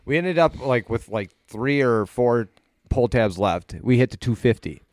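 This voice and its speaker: A podcast co-host spins a crude, meandering anecdote in loose, profane chat. His voice sits at an ordinary middle pitch. The sound is dry, with no room in it. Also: lively intonation, a little slow, no echo. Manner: rambling, profane, full of fillers and restarts. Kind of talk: casual storytelling chat.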